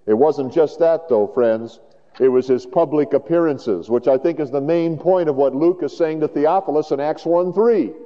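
A man preaching a sermon in an animated way, moving between loud emphasis and hushed tones. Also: a little high, moderate pace. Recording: dull lo-fi sound with long hall reverb.

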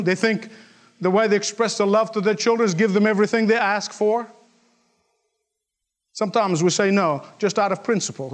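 A man preaching a sermon, emphatic, repeating key lines and acting out the voices in his stories. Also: high voice. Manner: emphatic, repeats lines for effect, acts out quotes.

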